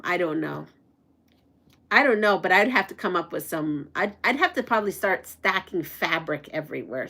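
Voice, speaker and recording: A woman's voice: medium pitch, bright, forceful tone. A middle-aged woman hosting a quilting channel, chatting casually at home while sewing and reading viewer comments aloud.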